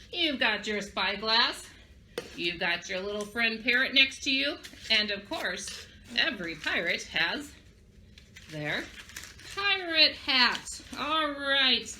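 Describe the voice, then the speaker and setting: A woman's voice: fairly high pitch, expressive, unhurried, bright, forceful tone, slight background noise. A woman leading a children's lesson in an upbeat, sing-song way, asking young listeners to repeat words after her. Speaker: children's library presenter. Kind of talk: children's craft and vocabulary lesson.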